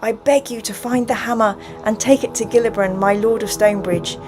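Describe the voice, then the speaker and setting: A woman voicing a delirious, dying old male dwarf who shouts frantic cries and then pleads in a low voice. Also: steady tone, brisk, over music, lightly acted. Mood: pleading.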